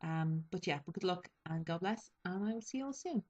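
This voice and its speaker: A woman's voice: on the low side, expressive, fairly quick, darkish tone, slightly rough, rough recording. Hesitant woman chatting about makeup. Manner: hesitant, lots of ums and restarts. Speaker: beauty vlogger. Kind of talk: casual makeup chat to camera.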